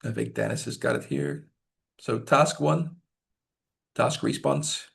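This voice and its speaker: Speaking at medium pitch in a creaky, somewhat bright voice, a man who works as an IELTS examiner shares tips with learners. His style is deliberate; he checks in with "okay?" and acts out examples to illustrate stress and intonation.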